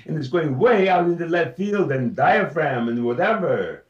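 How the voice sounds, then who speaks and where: A man, a voice actor, telling anecdotes in an interview in an animated way, slipping into voices. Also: medium pitch, moderate pace, hardly any pauses, dull audio. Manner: animated storyteller, slips into voices. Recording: roomy, distant mic.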